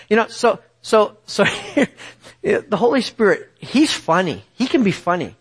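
Here a middle-aged preacher recounts a personal story during his sermon, lively in delivery and frequently engaging the listeners. His voice is very high-pitched and slightly rough, at a normal speed.

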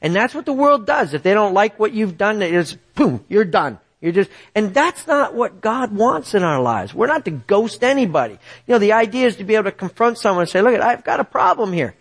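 High-pitched and brisk, barely pausing, this middle-aged man tells an animated personal story as part of his sermon. Throughout, he keeps checking in with those listening.

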